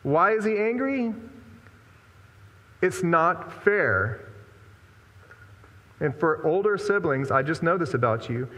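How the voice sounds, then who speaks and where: A man's voice: fairly high pitch, big pitch swings, slow pace, pauses often, sharp tone. A male pastor preaching a sermon, telling the story in a reflective, conversational way. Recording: long hall reverb.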